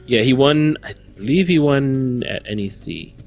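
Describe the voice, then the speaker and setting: A man co-hosting a podcast, talking casually and rambling, often pausing mid-sentence to find the right word. His voice is of average pitch. A faint musical bed runs behind him. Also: over music. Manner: rambling, stops to search for words. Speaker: podcast co-host.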